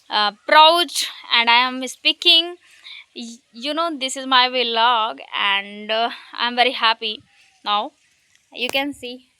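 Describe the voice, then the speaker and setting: Hindi-native woman vlogger, unhurried delivery, stops and restarts often, encouraging tone, recorded outside. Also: high voice, a bit bright, rough recording. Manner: hesitant, repeats words, encouraging. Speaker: vlogger teaching English. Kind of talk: casual motivational vlog. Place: outdoors in a village.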